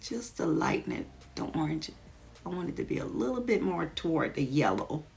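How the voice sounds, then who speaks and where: A woman's voice: deep voice, very animated, normal speed, vocal fry, darkish tone, soft background music. A woman vlogger chatting casually, retelling a story while doing her makeup.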